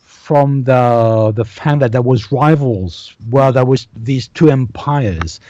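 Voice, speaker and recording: A man chatting casually as a guest, halting often and repeating words as he searches for them. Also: mid-range voice, warm tone, muffled recording. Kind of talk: casual conversation.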